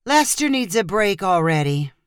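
A woman's voice: medium pitch, sing-song, normal speed, clear, resonant tone, dry recording, studio quality, close to an everyday voice. A woman voicing a sweet but exasperated wife who coaxes and scolds her husband. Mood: coaxing. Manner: coaxing, then scolding.

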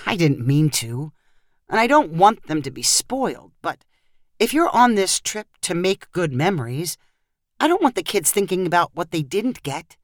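A woman reading aloud as an easygoing, generous grandfather who speaks calmly and persuasively. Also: on the low side, moderate pace, dry recording, clean studio sound.

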